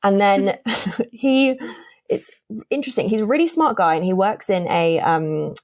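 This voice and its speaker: A young woman tells a dating story in a loose, chatty way, full of fillers. She is mid-pitched and acts out each quote as she goes. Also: unhurried. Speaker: podcast guest. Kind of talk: casual chat.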